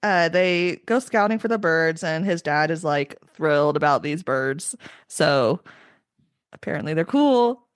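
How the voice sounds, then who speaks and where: A woman's voice: low-pitched, animated, a little slow, smooth, dry recording, clean studio sound. A young woman hosting a casual book podcast, chatty and opinionated, with lots of "like" fillers. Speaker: podcast host.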